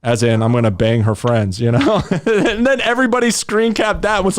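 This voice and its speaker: A man's voice: high voice, animated, moderate pace, hardly any pauses. A young man hosting a casual podcast chat, brash and joking, laughing at his own lines. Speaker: podcast host.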